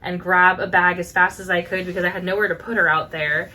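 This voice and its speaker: A woman in her thirties co-hosting a podcast, telling a story in a lively chat and acting out the voices of the people in it. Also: lowish voice, fast talker, slight background noise. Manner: animated storyteller, acts out quotes with laughs. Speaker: podcast co-host. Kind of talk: casual chat.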